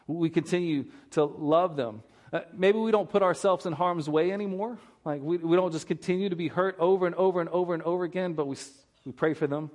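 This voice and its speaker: A male pastor preaching a sermon in a relaxed, conversational way, earnest, often repeating words as he thinks aloud. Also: on the high side. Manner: conversational, retells scripture with acted-out dialogue.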